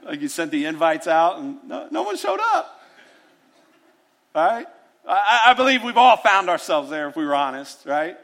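A man preaching a sermon, acting out prayers and Bible scenes in an animated way. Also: high voice. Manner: animated, dramatizes prayers with rising voice. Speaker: pastor.

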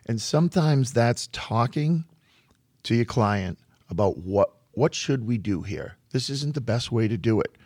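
A man who runs a flooring business tells work stories in a relaxed conversation, often repeating a word while he gathers his thoughts. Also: mid-range voice, a little slow, breathy edge, no echo, studio quality. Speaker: flooring contractor. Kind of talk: storytelling in a podcast conversation.

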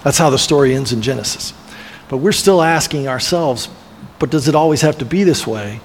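A man's voice: mid-range voice, expressive, fairly quick, a little hiss or hum. A man preaching a sermon as pastor, retelling a biblical story in a storytelling way and briefly acting out the voices of the people in it. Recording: long reverb of a large hall.

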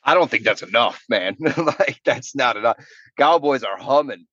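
A man's voice: medium pitch, moderate pace, breathy edge, no echo. A man co-hosting a sports betting podcast, talking loosely and with plenty of animation. His voice sits mid-range, and the recording is dry and slightly dull. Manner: animated, laughing, swearing, voices others. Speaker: podcast co-host. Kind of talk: casual sports betting chat.

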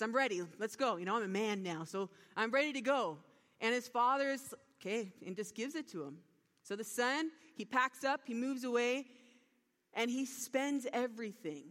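A woman giving a sermon, retelling a parable with lively storytelling and acted-out lines. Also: a little high. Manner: animated storytelling with acted-out dialogue. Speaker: preacher. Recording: long hall reverb.

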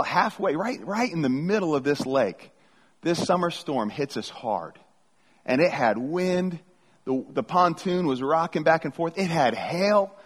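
A middle-aged man preaching a sermon as a pastor, reading scripture and telling stories casually, often restarting his phrases. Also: medium pitch. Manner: conversational storytelling with repeated restarts. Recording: long hall reverb.

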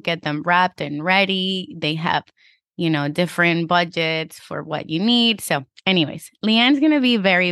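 A woman's voice: on the low side, a bit bright, no echo, clean studio sound. A woman hosting a podcast, a real estate agent giving casual advice in a chatty way, full of "like" and "you know".

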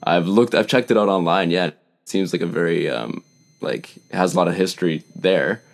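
A man's voice: low-pitched, normal speed, creaky. A young man from Canada, a musician being interviewed, chatting casually and acting out quotes with animation. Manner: animated storyteller, acts out quotes. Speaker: musician guest.

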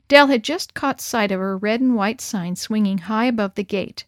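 A woman's voice: mid-range voice, normal speed, hardly any pauses, no echo, studio quality. A woman reading a children's story aloud, lifting into character voices for the dialogue.

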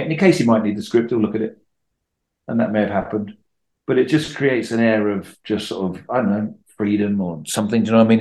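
A middle-aged Englishman talking casually as a podcast guest, telling animated stories and acting out quotes. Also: mid-range voice. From England. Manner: chatty, animated storytelling with acted-out quotes. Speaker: guest actor.

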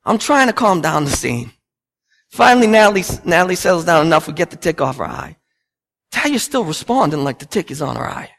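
Lively, gravelly male pastor preaching. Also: on the high side, a little fast, slight background noise. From United States. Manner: storytelling, animated, acts out family scenes. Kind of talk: sermon.

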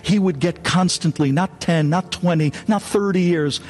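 A man, a rabbi, giving a sermon in an animated, dramatic storytelling way. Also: sits high, moderate pace, faint music behind.

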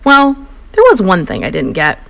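Lively woman reading a children's story. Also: normal speed, gravelly. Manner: animated, playful, pitch jumps high for voices. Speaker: storybook reader.

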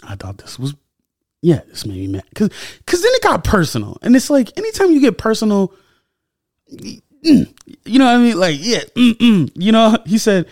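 A young man hosting a solo podcast, talking casually and with animated indignation, his voice jumping up when he gets heated. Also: sits high, normal speed, creaky, no echo, studio quality. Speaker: podcast host.

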